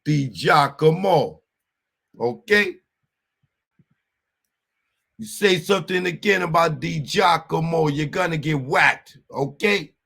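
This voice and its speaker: A man's voice: a little high, lively intonation, gravelly, sharp tone, voice pushed up, heavily acted. A man putting on the voice of a tough Italian-American mobster, wheedling and drawing out a name. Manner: wheedling gangster talk, drawn-out name calling.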